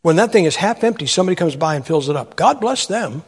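Fast-talking and animated, an older pastor with a fairly high, husky voice tells stories in his sermon and keeps quizzing his audience. A long reverb tail follows his words.

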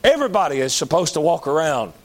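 A man with a Southern accent preaching a sermon in a folksy, emphatic way, shouting at times. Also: on the high side, lively intonation, normal speed.

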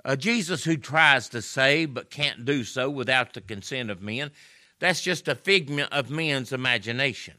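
A man's voice: medium pitch, animated, normal speed, pushed and bright. A man preaching a sermon, telling scripture stories in a folksy way with emphatic rises and drops.

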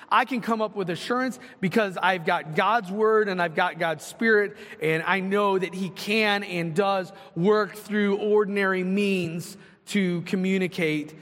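A man's voice: high-pitched, fairly bright tone. A man preaching a sermon as pastor, earnest and exhorting his congregation with direct questions. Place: church sanctuary. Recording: long hall reverb.

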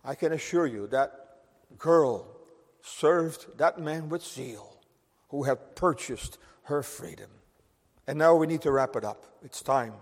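A male preacher delivers a sermon with a slightly raised pitch, speaking earnestly. He pushes key phrases hard and then drops to near quiet. His voice trails off in the long reverb of a church sanctuary. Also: slow pace. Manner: earnest, emphatic, swings between loud stress and quiet.

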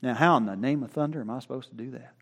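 A man preaching a sermon, rising to loud declarations and dropping to quiet, low asides in a folksy, conversational way while reading from his notes. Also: very fast, breathy edge. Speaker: pastor.

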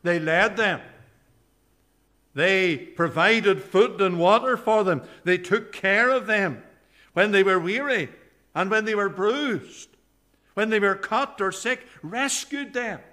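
A man preaching a sermon in a church. His voice sits high and sounds bright and forceful. He speaks slowly and earnestly, sinking low and soft whenever he quotes scripture. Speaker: pastor.

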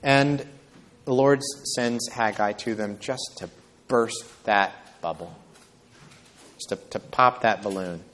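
A man's voice: lowish voice, slow pace, long pauses, a bit bright. A man preaching a sermon who reads from the Bible and talks conversationally, often checking in with the listeners by asking "right?". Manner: conversational, with frequent tag questions. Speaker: pastor.

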